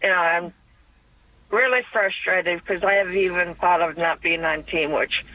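A woman's voice: fairly low pitch, steady tone, unhurried. A woman calling in to a radio show, speaking hesitantly and sounding upset. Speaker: caller. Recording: dry, tinny phone line.

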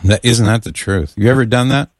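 A man's voice: mid-range voice, fairly quick, dry recording, clean studio sound. A man hosting a casual call-in radio show, friendly and joking with callers and his co-host.

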